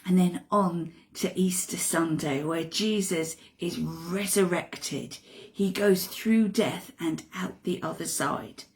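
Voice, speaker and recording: A woman retelling a Bible story in an expressive way, dropping to hushed asides. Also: fairly low pitch, takes it slowly.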